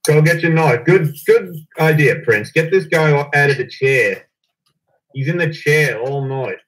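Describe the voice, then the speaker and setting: A man's voice: fairly high pitch, measured pace, a bit bright, poor audio. A man co-hosting a casual livestream, teasing and goofy as he reads out chat messages. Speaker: co-host reading chat.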